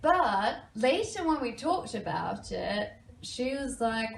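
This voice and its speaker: A woman from Latvia performing a stand-up set on a comedy bar stage, self-mocking and animated, with sudden loud bursts. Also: fairly high pitch, slow, vocal fry, slight background noise. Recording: roomy live venue, faint crowd.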